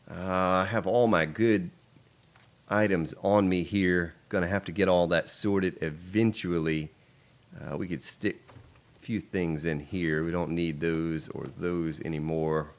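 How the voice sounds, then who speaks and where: A man casually commenting on his game during a live stream, chatting with viewers as he plays. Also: deep voice. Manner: relaxed and chatty, reading out and answering viewer chat.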